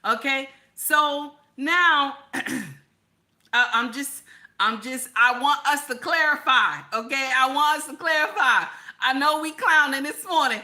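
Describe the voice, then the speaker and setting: A woman's voice: sits high, slow pace, sharp tone. A woman hosting a live stream, reacting to a clip in a casual, emphatic way, repeating herself and talking straight to her viewers. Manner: repetitive, emphatic, chatty with viewers.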